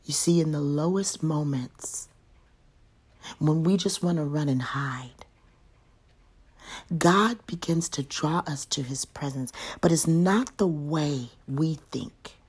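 A woman teaches from scripture in a hushed, breathy voice that often sinks to a half-whisper. She speaks slowly and deliberately, pitched a little low. Now and then she presses key lines with sudden emphasis. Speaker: devotional speaker. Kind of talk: Bible devotional teaching.

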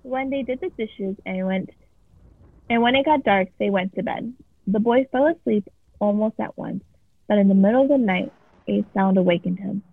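A woman's voice: medium pitch, moderate pace, vocal fry, no echo. A woman casually reading a scary story aloud as a podcast co-host. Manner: casual, swears freely. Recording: tinny phone-like sound.

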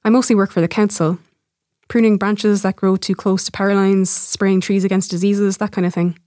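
A woman's voice: mid-range voice, steady tone, normal speed, dark tone, dry recording, studio quality, natural voice. Woman reading as an awkward young tree surgeon. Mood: plain.

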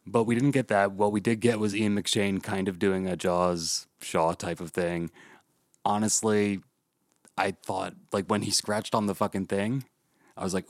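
A man casually reviewing a movie with friends on a podcast, animated and full of profanity. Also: on the low side, measured pace, dry recording, clean studio sound. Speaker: podcast host.

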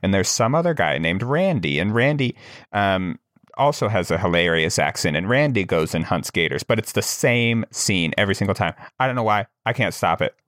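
Podcast co-host, man, low register, chatty storyteller with lots of fillers. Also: expressive, brisk, fairly bright tone, dry recording, studio quality. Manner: rambling storyteller, many fillers. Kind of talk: casual chat.

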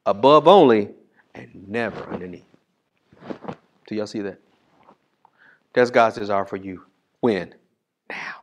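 A male pastor preaching a sermon in a casual, call-and-response style, reading scripture slowly and swinging from loud bursts to hushed asides. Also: fairly low pitch, expressive.

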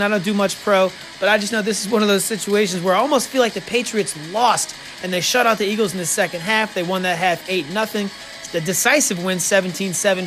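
High-voiced wisecracking sports betting host. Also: male voice, fairly bright tone. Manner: wisecracking, sarcastic, quick asides. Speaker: podcast host making betting picks. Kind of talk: casual sports betting monologue.

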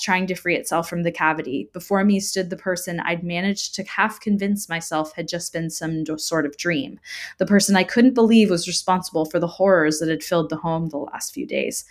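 A woman narrating a first-person horror story in a tense, dramatic reading. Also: fairly low pitch.

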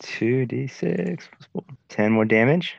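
A man's voice: medium pitch, expressive, measured pace, gravelly, husky, no room sound, muffled recording. A man playing a tabletop game, talking casually and laughing easily. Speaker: player.

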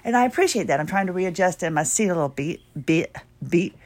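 Chatty woman host losing her voice. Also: fast talker. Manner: bubbly, chatty and rambling, with sudden high excited bursts. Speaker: podcast host. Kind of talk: casual solo podcast talk.

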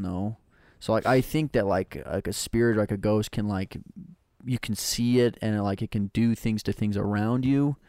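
A man's voice: fairly low pitch, a little mellow, dry recording, studio quality. A man co-hosting a podcast, talking in a hesitant casual chat. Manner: hesitant, many fillers and restarts.

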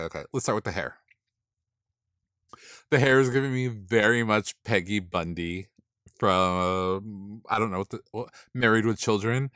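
A man giving sassy, blunt casual commentary, swearing freely and dismissing outfits with drawn-out put-downs. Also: fairly low pitch, fairly bright tone, no room sound, clean studio sound. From not from the East Coast. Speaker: commentator reviewing drag looks.

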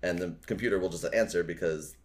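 Podcast host, man, low voice, loose and chatty, lots of "like" and "um" while recapping a story. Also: quick pace. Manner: casual, rambling recap full of filler words. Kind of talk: casual podcast chat and book reading.

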